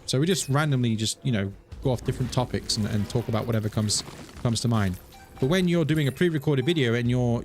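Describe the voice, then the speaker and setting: Rambling chatty male streamer. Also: a little hiss or hum. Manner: rambling, chatty, self-mocking; animated, jumps into higher voice quoting himself. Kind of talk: casual gameplay stream chat.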